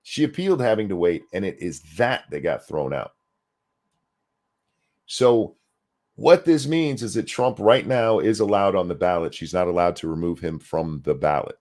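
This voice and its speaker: A man with a low voice co-hosts a casual political chat show. His delivery swings widely in pitch as he gives blunt, sarcastic takes and swears freely. He reads viewer messages aloud between his points. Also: expressive, normal speed, a little mellow. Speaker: podcast co-host.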